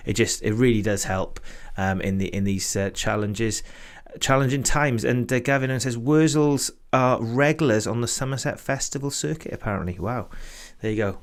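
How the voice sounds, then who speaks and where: A man from Britain hosting a casual online launch chat over a video call, reading out viewer comments and laughing often. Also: medium pitch. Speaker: host.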